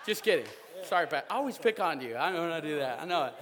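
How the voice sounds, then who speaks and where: A man preaching a sermon, animated and joking, with sudden loud outbursts. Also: a little high, fast talker. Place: church sanctuary. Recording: reverberant church hall.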